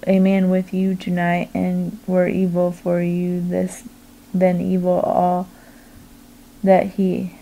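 A stern male commander lays out his rebuke in a slow, flat voice, read by a woman. The tone is mellow and dark, and the pitch barely moves. It is read plainly rather than acted. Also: creaky, low-quality recording. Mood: rebuking. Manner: flat, slow, unhurried reading.

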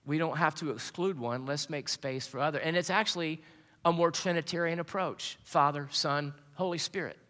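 A man's voice: fairly high pitch, normal speed, sharp tone. A man preaching a sermon as pastor, telling stories earnestly with frequent restarts. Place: church sanctuary. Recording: long hall reverb.

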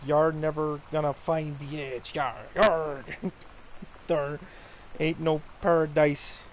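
A man doing a gruff taunting pirate captain. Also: a little high, level tone, slow pace, slight background noise. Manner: growling pirate "yarg" interjections.

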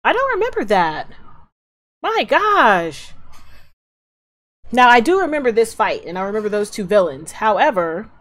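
A woman's voice: fairly high pitch, very animated, moderate pace, long pauses, fairly bright tone. A woman hosting an anime reaction video, chatting casually and drowsily, swearing and trailing off. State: drowsy, yawning.

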